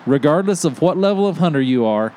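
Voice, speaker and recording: A man on a podcast telling a hunting story in casual chat, animated and laughing often as he acts out what people said. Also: on the high side, fast talker. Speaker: podcast host.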